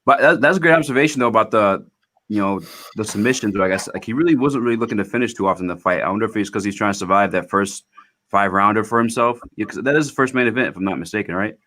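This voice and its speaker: Low-voiced man, relaxed, swearing, casual fight-show co-host. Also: fast talker. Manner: loose, swearing, laughs easily. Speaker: podcast co-host. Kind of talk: casual MMA chat.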